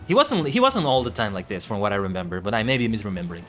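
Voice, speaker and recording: A man's voice: on the low side, big pitch swings, racing, a bit bright, faint music behind. Chatty man streaming a game. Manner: chatty, musing aloud. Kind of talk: casual commentary while gaming.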